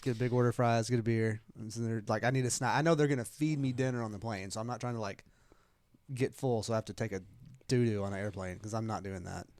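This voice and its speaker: A man's voice: lowish voice, steady tone, fast talker, a little mellow, no room sound. A man co-hosting a podcast, telling a long, rambling travel story in casual chat and acting out the quoted dialogue. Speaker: podcast co-host.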